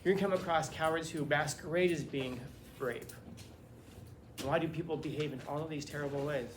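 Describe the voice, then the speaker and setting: Male teacher, classroom lecture, slightly higher voice, animated rhetorical questioning, faint room hum. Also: fairly quick.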